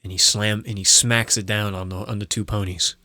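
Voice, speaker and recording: A man's voice: fairly low pitch, little pitch movement, brisk, bright, forceful tone, dry recording, clean studio sound. A man narrating as game master, rambling with restarts and acting out sound effects.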